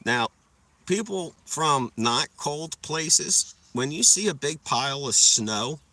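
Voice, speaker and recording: A man's voice: fairly high pitch, lively intonation, takes it slowly, bright, forceful tone, no echo. A young man livestreaming, telling rambling stories full of swearing and laughing at them as he goes. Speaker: livestreamer chatting with viewers. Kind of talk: casual storytelling.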